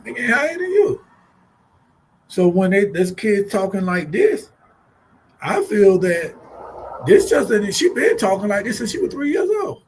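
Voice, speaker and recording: A man co-hosting a radio talk show, talking bluntly and profanely in animated, storytelling fashion. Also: sits high, unhurried, a little hiss or hum. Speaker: co-host.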